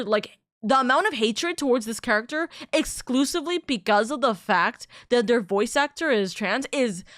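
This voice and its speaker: A woman's voice: a little high, fairly bright tone, no echo, studio quality. A woman streamer in a heated, casual rant, swearing freely and restarting her sentences.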